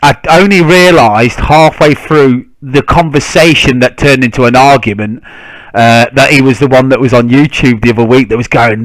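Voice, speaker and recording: A man's voice: medium pitch, animated, normal speed, no echo, poor audio. A man ranting indignantly to camera about football rivals, swearing freely. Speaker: football fan vlogger. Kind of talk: casual ranting monologue.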